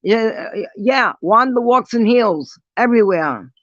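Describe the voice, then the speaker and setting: A woman ranting bluntly to her viewers in a casual vlog, defiant and dropping quick apologies. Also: a little high, animated, fairly bright tone, no room sound. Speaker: vlogger. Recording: dull lo-fi dry sound.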